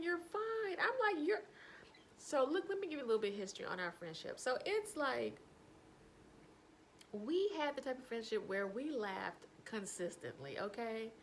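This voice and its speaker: Woman, storytelling vlogger, lively swooping pitch, fairly high voice, faint hiss behind. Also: gravelly. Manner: animated, laughing through anecdotes. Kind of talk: casual storytelling.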